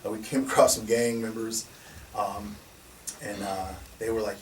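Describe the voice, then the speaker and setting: Animated man telling stories, far mic. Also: lowish voice, unhurried. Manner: animated, laughing, restarts and acts out quotes. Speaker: security company founder, guest. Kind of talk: casual storytelling conversation. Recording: distant mic with faint noise.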